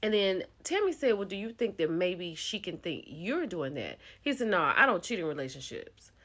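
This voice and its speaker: A woman host recapping a reality show in a chatty, animated storytelling way, speaking. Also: lowish voice, normal speed.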